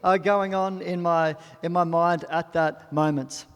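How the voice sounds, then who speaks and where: A man's voice: fairly high pitch, fairly even intonation, a little slow, clear, resonant tone, muffled recording. A young Australian man preaching a sermon in a church, telling stories in a chatty, self-deprecating way. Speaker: pastor. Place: church auditorium. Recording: long hall reverb.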